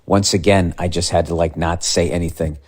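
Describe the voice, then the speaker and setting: A man's voice: low-pitched, fairly even intonation, brisk, darkish tone. A man in his fifties ranting casually as a podcast host, profane and exasperated. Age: 50s. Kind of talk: casual comedic rant.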